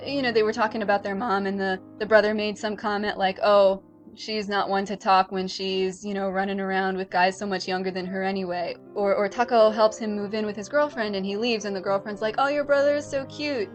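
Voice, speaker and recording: A woman's voice: mid-range voice, little pitch movement, a little fast, hardly any pauses. A woman with a mid-range voice chats casually about a film, retelling its scenes and quoting characters as she goes. Faint music sits under her voice. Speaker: podcast co-host. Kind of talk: casual chat reviewing an anime film.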